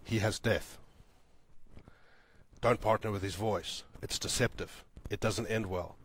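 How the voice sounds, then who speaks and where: A man preaching a sermon as pastor, repeating lines for emphasis, building loud and high, then dropping soft and low. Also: fairly even intonation, a little slow, a little hiss or hum. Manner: swells louder and higher when building to a point, then drops soft and low.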